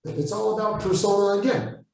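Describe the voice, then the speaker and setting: A man with an Israeli accent answering interview questions, blunt and forceful, swearing freely. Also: high-pitched, completely flat delivery, moderate pace, vocal fry. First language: Hebrew. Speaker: Krav Maga instructor, guest. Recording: echoey room, far from the mic.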